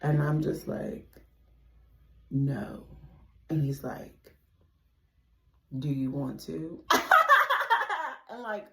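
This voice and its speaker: A young woman tells a storytime in a casual, profane way. Her voice sits a little low, and she jumps between loud outbursts and quiet muttered asides. The room is echoey. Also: drawn-out words, pauses often. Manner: animated, profane, swings between loud exclamations and hushed asides. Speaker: storytime vlogger.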